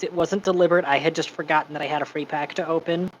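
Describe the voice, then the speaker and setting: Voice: mid-range voice, steady tone, quick pace, lo-fi sound. A streamer chatting casually during a gaming stream, cheering on in-game events.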